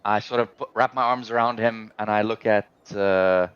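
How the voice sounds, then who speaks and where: A man playing a tabletop game, halting and fumbling for words as he describes his character. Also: lowish voice, fairly even intonation, fairly bright tone, smooth, no room sound, highs cut off. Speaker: player. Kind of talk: casual tabletop game play.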